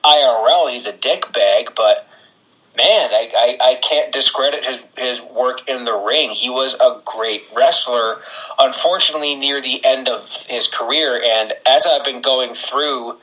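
A man's voice: mid-range voice, measured pace, bright, forceful tone, rough recording. A man co-hosting a casual podcast, rambling and sarcastic, swearing and laughing as he talks. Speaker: podcast co-host. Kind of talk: casual wrestling podcast chat.

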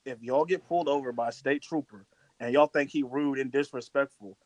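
A man's voice: mid-range voice, a little fast, darkish tone, low-quality recording. A man from Virginia, a podcast co-host, joking and swearing in casual chat.

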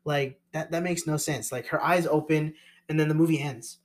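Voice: mid-range voice, steady tone, normal speed. Young podcast co-host, mid-range voice, casual movie-review chat, rambling, lots of fillers and restarts. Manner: rambling, many "like"s and restarts, laughs a lot.

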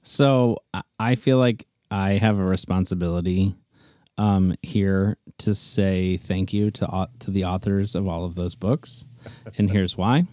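A man's voice: deep voice, fairly even intonation, measured pace, warm tone, no room sound. A man who works as a counselor, co-hosting a podcast with dry, joking asides. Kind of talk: casual podcast chat.

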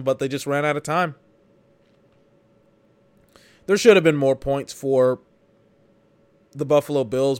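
Watching football live for his podcast, a man vents in rambling, exasperated remarks, sometimes swearing. He has a fairly high pitch and a clear, resonant tone.

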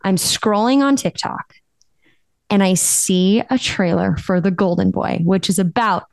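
A woman's voice: mid-range voice, a little slow, gravelly, no room sound. Blunt teasing woman, dry sound. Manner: blunt, teasing, swears freely. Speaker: podcast co-host. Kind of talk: casual chat.

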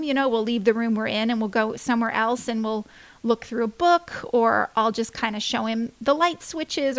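Chatty young mother with a high voice. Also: fairly bright tone. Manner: rambling, with many fillers and restarts. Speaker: podcast host, parent. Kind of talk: casual diary-style podcast.

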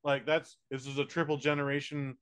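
An American man co-hosting a podcast, reviewing a movie in casual, profane chat with quick silly voices. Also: fairly high pitch, flat delivery, crowd noise. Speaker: podcast co-host.

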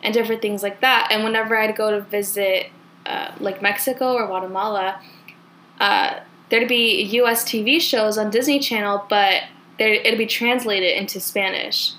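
A young woman with a Californian accent chats casually as a podcast host, her talk loose and full of "like". Her voice is bright and clear. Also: medium pitch, steady tone, normal speed, slight background noise, poor audio. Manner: chatty, heavy use of "like". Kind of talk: casual chat.

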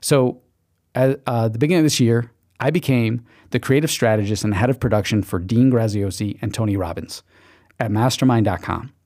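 Brisk and slightly mellow, a medium-pitched man hosts a podcast with a motivational monologue. He pushes an emphatic pep talk, says "okay" again and again, and acts out quoted inner voices.

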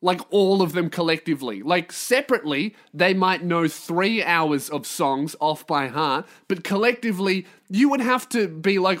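A man hosts a solo podcast, ranting with plenty of swearing and sarcasm. His voice sits a little high for a man, and he keeps the tone informal. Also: expressive, moderate pace, hardly any pauses, a bit bright. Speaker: podcast host.

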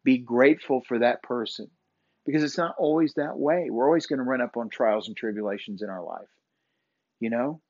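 A man hosting a podcast, giving an earnest faith-based pep talk, repeating himself and halting with many fillers. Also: medium pitch, darkish tone, no echo, highs cut off. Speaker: podcast host.

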